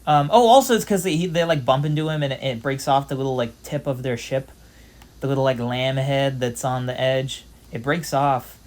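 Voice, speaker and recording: Young guy, casual let's-play host, mid-pitched, filler-heavy, chatty and unpolished. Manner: rambling, filler-heavy storytelling with frequent "um" and "like"; loose, swears casually. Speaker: gameplay channel host. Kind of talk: casual gameplay commentary.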